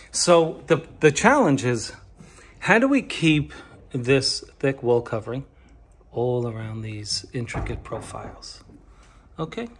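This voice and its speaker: A man of middle pitch hosts his own wallpaper channel, teaching a trade job one step at a time. He speaks slowly and patiently, encouraging the viewer as if they have never tried it before. The tutorial is recorded indoors in a client's home studio. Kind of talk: how-to tutorial narration.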